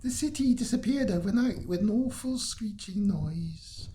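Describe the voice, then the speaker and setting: A man voicing a matter-of-fact local woman in a high, lilting put-on voice with an accent. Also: expressive, a little slow, dark tone, a little hiss or hum.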